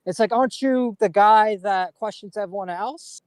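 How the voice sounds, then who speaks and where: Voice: medium pitch, normal speed, clear, resonant tone, no echo, clean studio sound. A co-host on a casual commentary stream, talking bluntly with frequent profanity.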